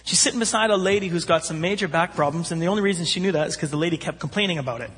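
A man preaching, telling a story with animated voices for its characters. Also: fairly high pitch, very fast, breathy edge. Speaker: pastor. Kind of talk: sermon storytelling. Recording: long hall reverb.

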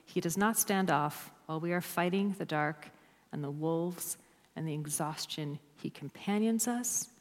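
A woman's voice: lowish voice, a little slow. A woman preaching a sermon to a church, emphatic and dropping to near-whispers on key words. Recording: long hall reverb.

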